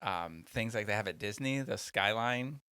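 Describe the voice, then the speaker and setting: A man with a bright, lively tone co-hosts a podcast in casual chat. He jumps in eagerly and swears freely. The recording is close and dry. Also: lowish voice, normal speed, clean tone, no echo. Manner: chatty, excitable, swears freely. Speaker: podcast co-host.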